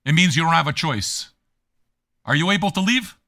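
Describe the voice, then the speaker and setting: A man hosting a livestream tears into his chat viewers with crude, mocking jabs. His voice is sharp and very bright. It rides a little high and swings widely in pitch as he taunts them. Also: animated, normal speed, gravelly. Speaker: DJ and livestream host. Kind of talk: profane rant at chat viewers.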